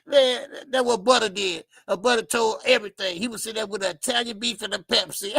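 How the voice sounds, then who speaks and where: A man with a high, gravelly voice hosts boxing talk in a loose, laughing, rambling way. His tone is bright and sharp. The sound is dry and close, with no room echo. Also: brisk. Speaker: boxing channel host. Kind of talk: casual livestream commentary.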